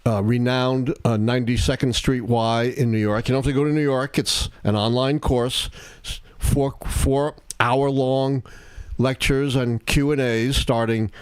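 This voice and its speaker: An older man who hosts a live political talk stream, explaining history in a deliberate, measured way. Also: mid-range voice, steady tone, smooth, no room sound. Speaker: historian and show host.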